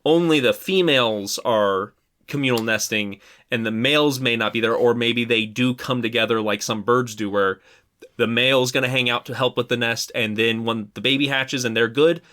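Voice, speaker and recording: Enthusiastic bright-voiced man in casual chat. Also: mid-range voice. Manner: enthusiastic, quick agreement. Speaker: podcast co-host.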